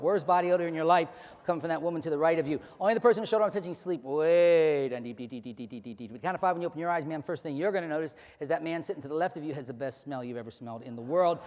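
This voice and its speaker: A man working as a stage hypnotist, giving rapid, repetitive suggestions and playfully commanding volunteers in front of an audience. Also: on the high side, a little mellow. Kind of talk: live hypnosis stage show. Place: large hall before an audience. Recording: echoey hall, live stage.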